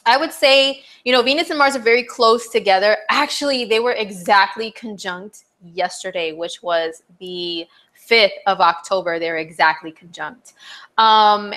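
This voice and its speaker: Bright, bubbly woman astrologer. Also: mid-range voice. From not from New Jersey. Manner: chatty and bubbly, laughs often, answers chat questions. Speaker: astrologer hosting a live stream. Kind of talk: casual live-stream astrology chat.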